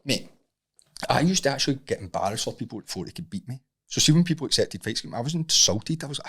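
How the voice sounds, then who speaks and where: A middle-aged Scottish man, a guest on a casual podcast, telling animated stories with plenty of swearing. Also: mid-range voice, fast talker, breathy edge. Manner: animated storytelling, heavy swearing. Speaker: guest, Muay Thai coach.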